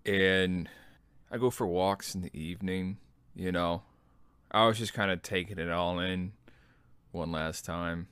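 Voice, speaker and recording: A man's voice: deep voice, fairly even intonation, unhurried, long pauses, fairly bright tone, smooth, no room sound. A man in his thirties telling personal army stories in a laid-back, self-deprecating, rambling way. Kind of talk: personal storytelling.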